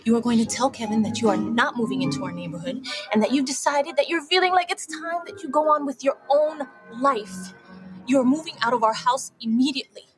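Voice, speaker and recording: An actress playing a sharp young bride who stands up to her scheming mother-in-law, in a film clip. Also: high voice, a little fast, over music, lightly acted. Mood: defiant. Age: 30s. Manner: defiant, cutting. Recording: film clip under loud score.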